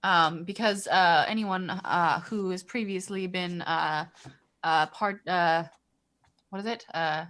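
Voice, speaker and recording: A woman's voice: on the low side, slow pace, a bit bright. A woman playing her character in a tabletop game, speaking hesitantly with many fillers. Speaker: player. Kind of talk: in-character tabletop role-play.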